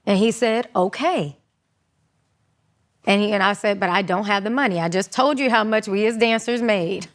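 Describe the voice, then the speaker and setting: Animated woman telling her story. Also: normal speed. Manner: animated, acts out quotes with high voices. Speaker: guest. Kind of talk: candid storytelling interview.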